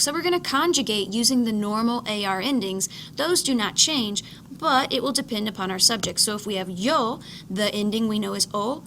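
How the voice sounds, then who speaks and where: A woman's voice: on the high side, bright, forceful tone, a little hiss or hum. A woman teaching a recorded lesson, explaining patiently, repeating key points and modeling each word's pronunciation. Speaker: Spanish teacher. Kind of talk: recorded slide lecture.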